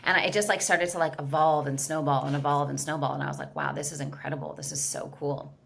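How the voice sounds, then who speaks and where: A woman's voice: low voice, steady tone, fast talker, creaky, background noise. A woman guest in a casual podcast interview, telling her story candidly and animatedly with lots of "like" fillers. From California, USA. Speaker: guest, business founder.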